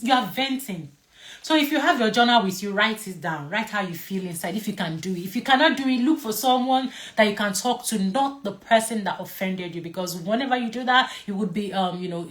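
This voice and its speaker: A woman who teaches mental health to camera in a casual way. She is playful and emphatic, repeats key words and asks viewers to comment. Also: mid-range voice.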